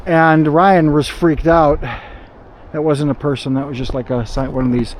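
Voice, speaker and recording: A man from Ohio talking his way along a river trail in a casual hiking vlog, chatty and rambling, quick to exclaim at what he finds. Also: fairly high pitch, flat delivery, slight background noise. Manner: chatty, rambling, easily surprised. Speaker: hiking vlogger. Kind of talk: casual outdoor vlog narration.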